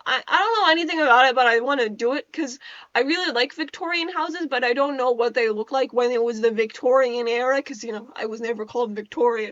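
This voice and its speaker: A woman's voice: sits high, fairly bright tone, no echo, dull audio. A young woman rambling casually over a video game, often restarting her sentences, laughing and swearing as she talks. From Netherlands. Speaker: gaming YouTuber.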